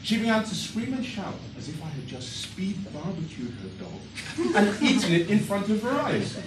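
A man telling a comic story on stage with animated, exaggerated delivery. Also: sits high, normal speed. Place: storytelling stage before a live audience. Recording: echoey hall from a far mic, audience noise.

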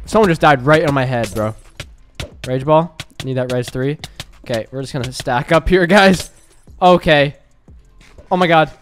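A young man hosting a gaming video, giving excitable live commentary and raging at other players. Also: mid-range voice, faint music behind. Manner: excitable, quick to rage and yell.

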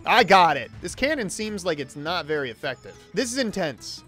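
A man reviewing a video game with jokey, excitable commentary and sudden exclamations. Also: high-pitched, normal speed, faint music behind. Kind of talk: comedic gameplay commentary.

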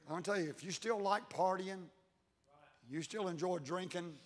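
Man, pastor, folksy sermon, emphatic, somewhat high voice, long church reverb. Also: moderate pace. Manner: folksy, preacherly, drops to low intense tones. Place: church sanctuary.

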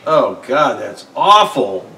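A man's voice: mid-range voice, big pitch swings, takes it slowly, distant mic. A man hosting a guitar channel, complaining in a satirical mock-outraged rant to the camera. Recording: roomy sound from off-mic.

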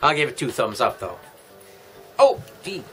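A man casually reviewing beer and snacks in a home vlog, rambling and halting, chewing as he talks. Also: mid-range voice, sing-song, music in the background, rough recording. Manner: rambling, halting, chatty with himself. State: eating while talking.

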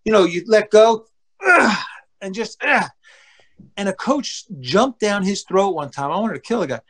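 A middle-aged man, a former pro baseball pitcher, telling stories in a casual interview in a blunt, animated way. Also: normal speed. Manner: animated, acts out quotes with loud outbursts; blunt, plain-spoken.

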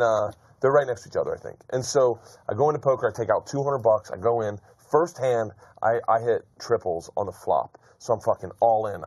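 A middle-aged man, a comedian guest, telling a rambling, excitable story with lots of swearing. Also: on the low side, no echo. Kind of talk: casual comedy chat.

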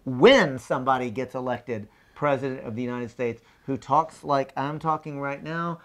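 A man's voice: mid-range voice, normal speed, a bit bright. A man guest in a political interview, speaking with passion and building his points through repeated phrases. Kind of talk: impassioned conversational speech.

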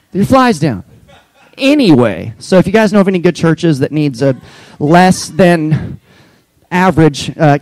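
A male pastor with a high voice jokes and teases his congregation during church announcements. His delivery is playful. The sound is dry and close. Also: no room sound, poor audio. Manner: playful, teasing.

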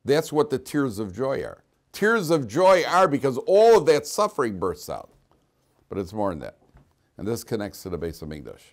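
A man's voice: mid-range voice, wildly swooping pitch, normal speed. A man teaching a class as a rabbi, talking informally, questioning students and cracking jokes, with frequent restarts.

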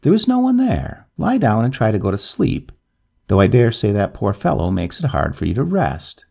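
A man's voice: fairly low pitch, wildly swooping pitch, moderate pace, creaky, darkish tone, heavily acted. A man voicing a woman who works as a hospital night nurse and speaks in a matter-of-fact, reassuring way. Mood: soothing.

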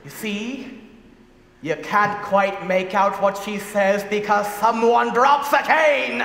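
A young man playing a shy musical fan who talks to the audience in a halting, stammering monologue. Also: high-pitched, vocal fry, a bit bright, a little hiss or hum, exaggerated voice. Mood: confiding. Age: young adult. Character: shy, rambling male musical fan narrating. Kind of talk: stage monologue. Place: school theatre stage. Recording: echoey theatre hall.

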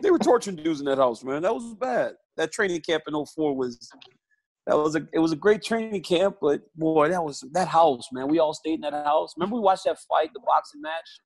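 A man with a raised pitch and plenty of fry in his voice, sharing memories as a podcast guest. He talks emphatically, laughs often and circles back to repeat his points. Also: sing-song, brisk, darkish tone, low-quality recording. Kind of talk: casual storytelling chat.

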